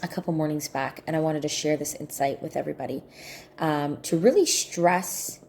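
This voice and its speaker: Earnest woman with a low, mellow voice. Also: moderate pace, a little hiss or hum. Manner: earnest, repeats key points for emphasis. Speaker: spiritual healing coach. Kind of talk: casual personal reflection to camera.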